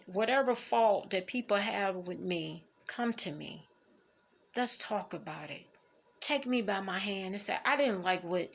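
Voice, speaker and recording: A middle-aged woman, speaking haltingly and emotionally as she reflects on family in a personal vlog. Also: medium pitch, creaky, fairly bright tone. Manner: emotional, halting, fighting back tears. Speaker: vlogger.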